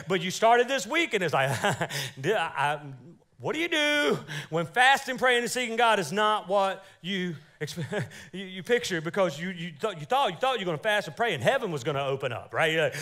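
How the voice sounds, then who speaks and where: A man preaching a lively, joking sermon in church as pastor, calling out for amens. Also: high-pitched, fairly quick. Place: church sanctuary.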